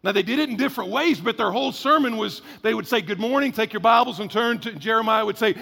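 A man's voice: high voice, quick pace, creaky, hardly any pauses, a bit bright, in a large hall. A man preaching a sermon as pastor, in a conversational, emphatic way, stretching out key words. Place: church.

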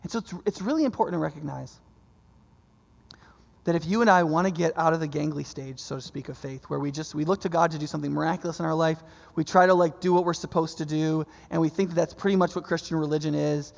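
A man's voice: fairly high pitch, fast talker, creaky, darkish tone, in a large hall. A male pastor preaching a sermon in a conversational way, often checking in with the congregation. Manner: conversational preaching, frequent "right?" asides.

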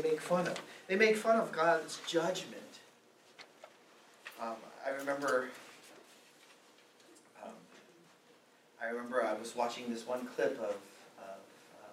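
A man's voice: mid-range voice, fairly bright tone, slight background noise. A man preaching a sermon, pressing his point with repeated rhetorical questions. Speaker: pastor. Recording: roomy echo, mic at a distance, faint ambience.

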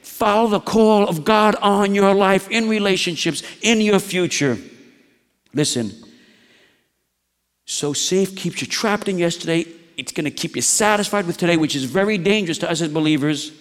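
Man preaching a sermon in a reverberant hall. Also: fairly high pitch. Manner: storytelling preacher, shifts between hushed anecdote and rising exhortation. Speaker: pastor.

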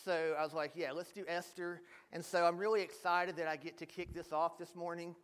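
A man's voice: a little high, level tone, fairly quick, fairly bright tone, clean tone. A man pastor preaching a sermon, telling a joke story and joking with the congregation in a church.

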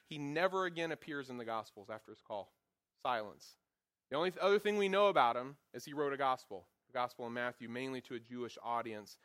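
Animated man teaching a Bible class. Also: mid-range voice, no room sound, clean studio sound. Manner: animated, acts out quotes with voices; jokey, self-deprecating asides.

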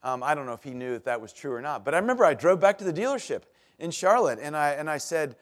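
Middle-aged pastor, man, fairly high voice, folksy storytelling sermon that turns lively for the jokes. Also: quick pace. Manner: chatty storytelling with self-deprecating humor and laughs; animated, rises in pitch and volume at punchlines.

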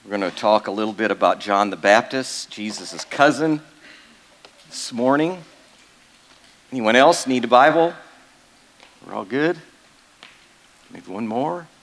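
A man's voice: medium pitch, animated, measured pace, pauses often, a bit bright. A male pastor giving a sermon in a casual, joking way, full of fillers and asides to the congregation. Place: church.

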